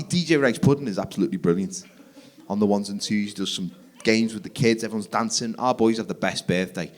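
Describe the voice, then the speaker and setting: A man telling a stand-up comedy story on a live theatre stage, animated and acting out the people in it. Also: lowish voice. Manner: animated, acts out kids and wife in quick voices.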